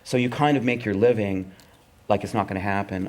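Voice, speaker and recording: Middle-aged male comedy writer, dry anecdotal delivery, mimics other voices, low-middle register. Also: fairly quick. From Canada. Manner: wry, anecdotal, acts out the voices of network executives. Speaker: comedy writer and performer, guest. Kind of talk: live onstage conversation, storytelling.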